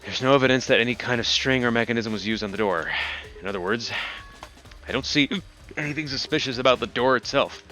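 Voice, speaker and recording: A man's voice: medium pitch, fast talker, sharp tone, faint music behind. A man reading game dialogue aloud during a co-op playthrough, with joking asides. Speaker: let's play host.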